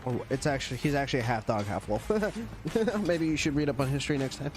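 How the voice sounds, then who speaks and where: A man's voice: mid-range voice, rapid-fire. A man streaming live, chatting casually and profanely with his viewers. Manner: joking, profane, addresses chat. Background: stream audio and music.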